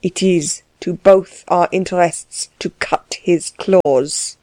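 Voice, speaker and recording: A woman voicing a gruff, overbearing middle-aged man who questions people curtly and pushily in a storybook reading. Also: lowish voice, steady tone, slow, warm tone, no echo. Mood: menacing. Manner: curt, pushy questioning.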